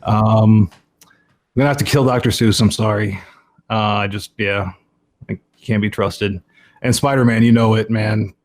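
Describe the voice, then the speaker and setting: A man's voice: lowish voice, fairly even intonation, moderate pace, long pauses, a little mellow. A man co-hosting a podcast in casual chat, rambling and laughing often. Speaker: podcast co-host.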